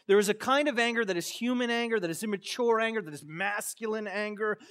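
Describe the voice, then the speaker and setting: Here a man from Florida, a pastor, gives a fervent sermon that swings between soft, low phrasing and loud outbursts. He then tells a personal anecdote casually, with plenty of fillers, speaking fast.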